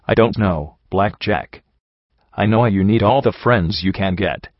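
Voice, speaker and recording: Guy reading nervy young pegasus girl, hesitant, low voice, dull dry audio. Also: unhurried, no room sound. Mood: anxious. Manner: hesitant, conflicted. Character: anxious young female pegasus mare.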